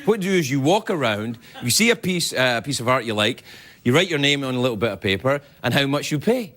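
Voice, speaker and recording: A man hosting a late-night talk show, delivering an animated, joking comedy monologue on a TV studio stage. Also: mid-range voice, quick pace. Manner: animated, joking, jumps into silly voices. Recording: loud studio audience laughter and noise.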